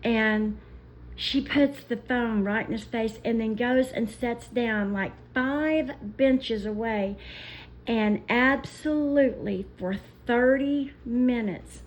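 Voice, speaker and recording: A woman vlogger telling stories in an emotional, indignant rant, pausing as she speaks. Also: fairly high pitch, a little hiss or hum, rough recording. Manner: indignant, impassioned storytelling with pauses. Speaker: commentary vlogger.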